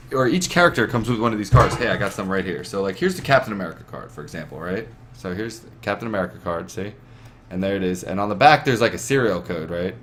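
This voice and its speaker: A man's voice: low voice, a bit bright, slight background noise. A young man hosting a gaming podcast from a webcam setup, talking in a rambling, profane, emphatic way. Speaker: podcast host. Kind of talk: casual chat.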